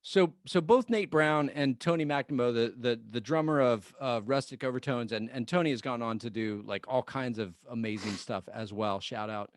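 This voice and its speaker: A man's voice: medium pitch, normal speed, few pauses, no echo, studio quality. A middle-aged man co-hosting a casual podcast, telling a band story with lots of laughing and repeated words. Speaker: podcast co-host, band member.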